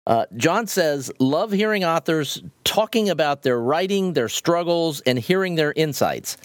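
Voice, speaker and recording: Male co-host, animated delivery, cheerful, dry studio sound. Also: on the high side, unhurried, dry recording. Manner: upbeat, reads listener reviews aloud. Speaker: podcast co-host. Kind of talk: casual podcast chat.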